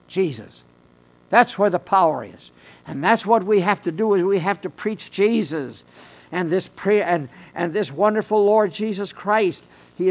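An older male preacher with a notably high voice delivers a sermon. He speaks earnestly and swells into emphatic, pressing bursts on scripture lines.

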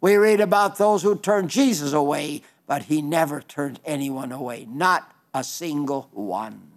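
High-voiced earnest radio preacher man. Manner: earnest, pleading, slows for scripture and poetry. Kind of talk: radio sermon.

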